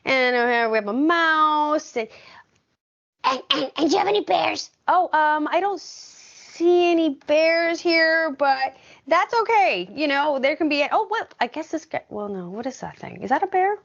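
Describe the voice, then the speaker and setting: A woman reads a picture book to children slowly, chatting as she points out the pictures. Her voice is high and lively. The recording sounds dull and lo-fi. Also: vocal fry. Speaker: school staff reading to children. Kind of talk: picture book read-aloud.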